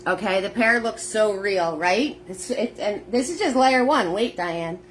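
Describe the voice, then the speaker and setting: Expressive and measured, this mid-range female voice belongs to a painting instructor leading a live lesson on a phone mic with slight hiss or hum. She talks through every step chattily and greets people watching by name.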